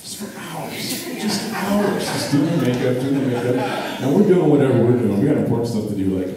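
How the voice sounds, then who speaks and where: A man doing a stand-up comedy set on stage, talking in a deadpan, rambling way with lots of fillers. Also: medium pitch, fairly quick. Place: theater stage. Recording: echoey theater, distant mic, crowd laughter. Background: audience laughter.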